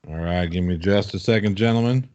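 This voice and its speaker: Man, low voice, relaxed stream helper. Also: a little fast, muffled recording. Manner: joking, easygoing. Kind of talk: livestream chat.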